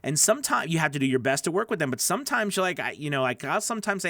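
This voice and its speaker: A voice-over coach with a slightly raised pitch runs a live-stream Q&A, teaching voice actors in a relaxed, chatty way and taking viewers' questions as they arrive. He races along with hardly any pauses, sounding close and dry on a studio mic with no room echo.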